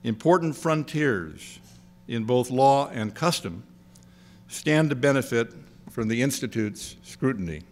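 An older man, the outgoing president of an institute, giving a measured, gracious after-dinner speech with touches of dry humor. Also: medium pitch, expressive.

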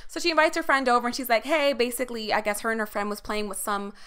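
A young woman co-hosting a podcast, telling a story in a casual, animated way, laughing often and swearing freely. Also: a little high, fast talker, clean tone. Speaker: podcast co-host.

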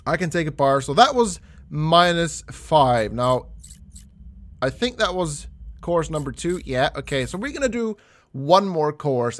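Excitable young man narrating a mini golf game. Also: a little high. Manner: excitable, gasping and shouting at shots. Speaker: gaming YouTuber. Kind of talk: let's play commentary.

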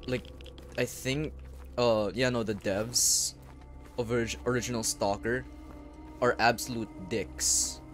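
A young man streaming a game, rambling and swearing, with sudden loud outbursts between mumbled remarks. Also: medium pitch. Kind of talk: live gameplay commentary.

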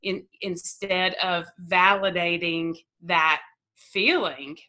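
A woman's voice: fairly low pitch, steady tone, takes it slowly, sharp tone. A woman therapist guest explaining ideas thoughtfully in a conversation. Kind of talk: expert conversation.

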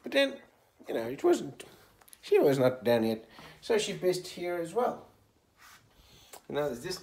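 A man's voice: a little high, sing-song, unhurried, a little mellow. A man casually narrating his own vlog like a mock tour guide, talking in a put-on accent he can't place. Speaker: comedian vlogger.

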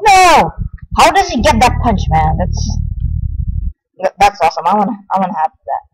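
A young man giving casual, excitable commentary while playing a game. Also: sits high, normal speed, slight background noise, low-quality recording. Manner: excitable, yelps and exclaims at game events. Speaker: gamer.

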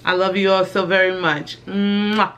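A woman's voice: medium pitch, little pitch movement, unhurried, fairly bright tone, muffled recording. An older woman, chatting in a casual haul vlog, affectionate and easily moved. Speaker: vlogger.

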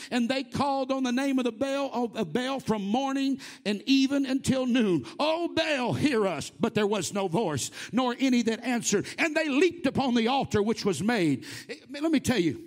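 A male preacher delivers a Pentecostal sermon in a very high voice with a gravelly edge. He swings into shouts and acts out the voices in the story. He throws in teasing, humorous asides.

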